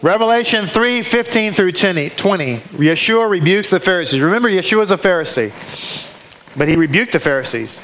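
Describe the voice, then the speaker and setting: In a low-quality recording with slight background noise, an expressive preacher with a high, fairly bright voice speaks briskly to his congregation, which has a control booth. He reads from scripture and presses home his points through forceful rhetorical questions.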